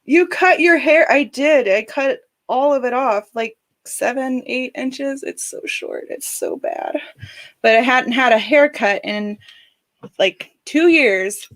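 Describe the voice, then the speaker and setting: A woman's voice: high-pitched, slow pace, fairly bright tone. A woman hosting a craft livestream, chatting casually and giggling at her own jokes while she works. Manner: chatty and giggly, joking asides.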